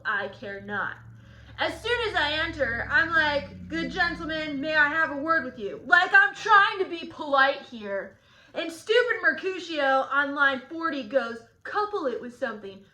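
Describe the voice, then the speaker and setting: Brief: woman playing a brash, touchy young swordsman Tybalt for a lesson; high, bright voice, echoey room. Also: full character voice. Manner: slangy, sarcastic paraphrasing. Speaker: teacher in character as Tybalt. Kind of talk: in-character guided study.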